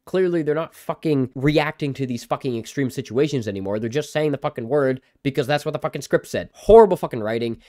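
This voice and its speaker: A man's voice: medium pitch, a little mellow, no echo, studio quality. Foul-mouthed sarcastic male reviewer. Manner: swears constantly, sarcastic. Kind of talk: profanity-laden mock rant.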